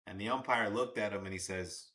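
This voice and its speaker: Casual live fan commentary on a baseball game comes from a young Long Island, New York man with a lowish, fairly quick voice and a slight hiss or hum in the audio. Chatty and excitable, he roots for players and curses when plays go wrong.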